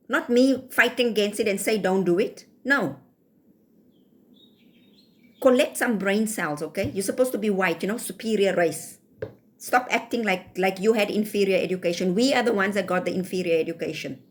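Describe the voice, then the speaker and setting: A woman with a South African accent rants to camera in a casual vlog. Her voice sits fairly high, and she scolds and lectures with pointed rhetorical questions. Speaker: vlogger.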